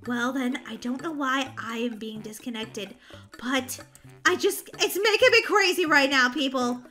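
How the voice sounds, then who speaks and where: A gaming channel host chats casually through her gameplay, excitable and bubbly but quick to get exasperated when things go wrong. Her high voice sounds sharply bright, she talks a little slowly, and faint music plays underneath.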